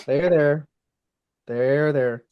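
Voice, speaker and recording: A man voicing a blunt, unsentimental male lizardfolk monk who speaks in curt, flat, repeated commands. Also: a little high, drawn-out words, clear, resonant tone, no room sound, lo-fi sound.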